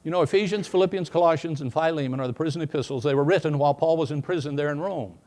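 A man preaching a sermon, swinging from quiet asides to emphatic, rising bursts. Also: fairly high pitch, very fast. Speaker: pastor.

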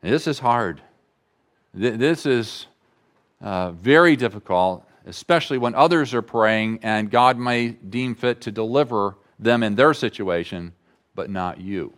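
A man preaching a sermon as pastor, slow and deliberate, repeating key phrases for emphasis. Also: on the low side, fairly bright tone.

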